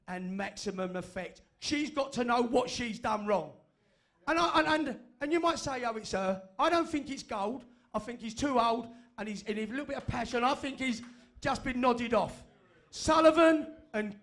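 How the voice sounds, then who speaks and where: A man's voice: very high-pitched, fairly bright tone. A man giving a fiery, sweary speech to a fan meeting in a room full of people. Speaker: fan group speaker.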